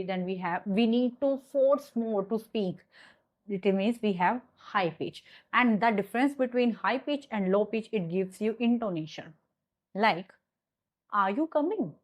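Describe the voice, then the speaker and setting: A woman with an Indian English accent teaching an online lecture, explaining step by step and checking in with "okay". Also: on the high side. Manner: slow, explanatory, repeats points with "okay".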